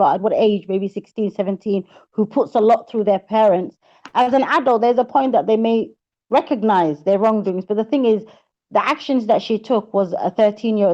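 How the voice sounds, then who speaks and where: A woman's voice: medium pitch, dark tone, highs cut off. A woman hosting a heated live stream debate, insistently interrupting to make her point. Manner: insistent, keeps interrupting to hold the floor.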